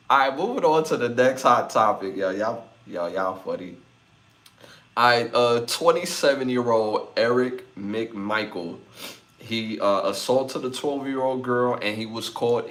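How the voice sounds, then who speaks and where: A man's voice: medium pitch, fairly bright tone. Laughing, slangy male podcast host. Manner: laughs often, loose slangy banter. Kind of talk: casual live-stream chat reading comments.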